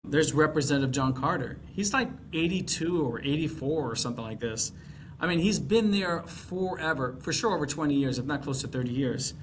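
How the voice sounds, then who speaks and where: A man's voice: a little high, a bit bright, a little hiss or hum. A man from Texas, a congressional candidate, talking in a casual podcast conversation, rambling with frequent fillers and restarts.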